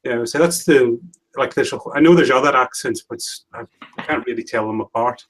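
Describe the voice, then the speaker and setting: A man's voice: medium pitch, a little fast, poor audio. A man hosting a casual livestream chat, talking in a rambling, chatty way. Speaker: livestream host.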